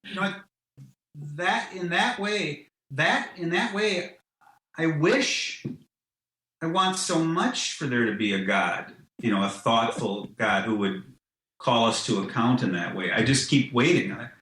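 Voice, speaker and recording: Rambling man with a bright voice. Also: mid-range voice, measured pace, roomy sound, low-quality recording. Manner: rambling, many restarts and "you know"s; animated, laughs at his own ideas. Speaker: guest, comic writer. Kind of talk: casual podcast conversation.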